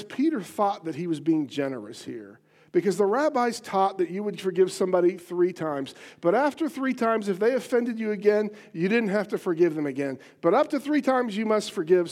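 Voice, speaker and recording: A man's voice: high-pitched, animated, normal speed, darkish tone. A male preacher giving an earnest sermon on a Bible passage, stressing points by repeating phrases.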